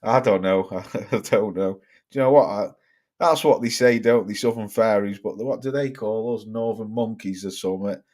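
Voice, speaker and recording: A man's voice: fairly low pitch, moderate pace, a little mellow. A man from northern England with a northern accent, hosting a casual livestream, reading viewer comments aloud, swearing and laughing a lot. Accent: northern English. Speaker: livestream host reading chat. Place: home, living in the Midlands.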